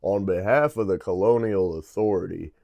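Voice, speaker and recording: A man's voice: low voice, normal speed, creaky, a little mellow, no room sound. A man voicing an enthusiastic male agricultural AI that welcomes arrivals to a colony planet like a cheerful announcer. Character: cheery male planetary AI greeter, upbeat and official.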